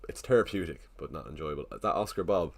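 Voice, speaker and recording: A man's voice: deep voice, fast. A man casually chatting on a live stream, thinking aloud and greeting viewers in the chat. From Ireland.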